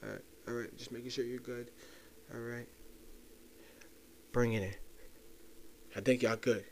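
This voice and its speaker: Young male podcast host, casual profane solo rant, mid-pitched, confiding with listeners. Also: flat delivery, a little slow, creaky, a little hiss or hum. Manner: loose, profane, conspiratorial, talks straight to listeners.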